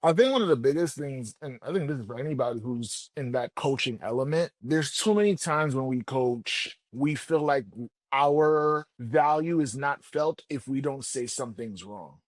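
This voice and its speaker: A man working as a book coach, telling stories in a casual, colloquial, animated way and often acting out what people say. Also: mid-range voice, moderate pace, no room sound. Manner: colloquial, animated storyteller who acts out quotes. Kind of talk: casual interview talk.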